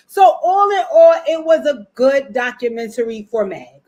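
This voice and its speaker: A woman's voice: fairly high pitch, lively intonation, normal speed, few pauses. A woman in casual vlog commentary, reviewing a documentary in a chatty, emotional way, repeating words for emphasis and cursing freely.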